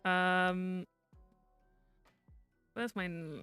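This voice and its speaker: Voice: medium pitch, flat delivery, extremely slow, pauses often, sharp tone, faint music behind. A VTuber streamer in casual live-stream chat while gaming, rambling, teasing friends and muttering to themself.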